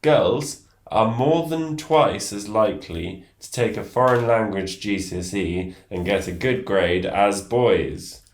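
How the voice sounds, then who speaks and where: A man co-hosts a chatty comedy podcast with a lowish voice, reading out news stories and trading dry jokes. The recording sits in an echoey room. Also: slow pace, hardly any pauses. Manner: dry, joking, reads news items aloud. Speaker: podcast co-host. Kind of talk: casual banter.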